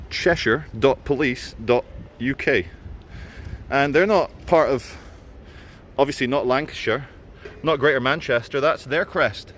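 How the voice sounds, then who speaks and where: Strolling outdoors through the city with a handheld camera, a middle-aged man keeps up a sarcastic walking commentary. His medium-pitched, somewhat bright voice is a little slow, and he pauses often.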